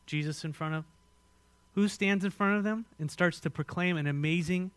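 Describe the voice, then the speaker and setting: Male American pastor, mid-high voice, dry close sound; dynamic sermon delivery with direct questions to the room. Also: no echo. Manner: dynamic preaching, swings from loud and emphatic to quiet and hushed; asks the congregation direct questions.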